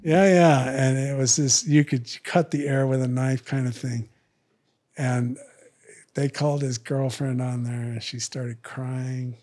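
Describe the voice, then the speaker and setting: A man's voice: medium pitch, fairly even intonation, a little mellow. A middle-aged man telling profane stories on a podcast, acting out other people's lines in a raised voice. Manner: profane, drawn-out slang. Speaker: podcast guest. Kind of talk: storytelling in casual talk.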